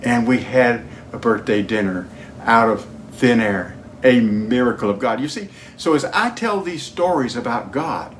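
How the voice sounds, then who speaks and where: A man preaching a sermon, telling stories in a lively way. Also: mid-range voice, unhurried, a little hiss or hum. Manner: storytelling, animated, breaks into singing a hymn.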